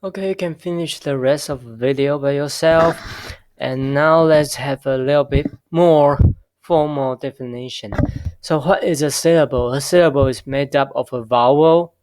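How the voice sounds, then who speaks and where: Man, lecturer, self-correcting, crisp voice, dry close sound. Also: mid-range voice, steady tone, darkish tone, dry recording. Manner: slow, self-correcting explanations with frequent okays. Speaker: linguistics instructor. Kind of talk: recorded lecture.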